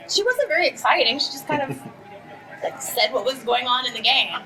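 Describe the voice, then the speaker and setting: Bubbly, animated woman voice actress. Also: high voice, rough recording. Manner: bubbly, animated storytelling with quick asides. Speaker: voice actress and anime script writer, guest. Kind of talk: casual press conference answers. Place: convention press room. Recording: music playing in the background.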